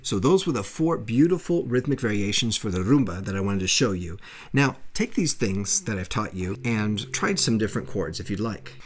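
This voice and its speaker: A man's voice: lowish voice, expressive, moderate pace. A man giving a step-by-step guitar lesson, explaining strumming patterns and counting beats aloud as he plays. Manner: counts beats aloud while playing, encouraging. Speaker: guitar teacher. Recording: loud guitar playing under the voice.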